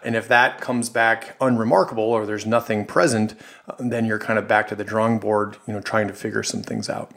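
A man with a low, gravelly voice co-hosts a health podcast. He speaks in a flat, even tone and pauses often with fillers. He talks in a measured, clinical way. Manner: halting, filler-heavy, agreeing. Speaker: podcast co-host, health practitioner. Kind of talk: casual health podcast discussion.

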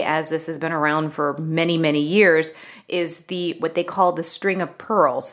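Lively, low-pitched woman explaining health topics. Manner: conversational, explanatory, animated when telling a story. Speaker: podcast co-host, health practitioner. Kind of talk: casual health podcast discussion.

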